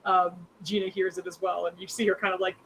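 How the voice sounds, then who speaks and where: A woman's voice: on the low side, little pitch movement, fast, slight background noise, poor audio. A young woman narrating as game master in a rambling, filler-heavy, giggly way.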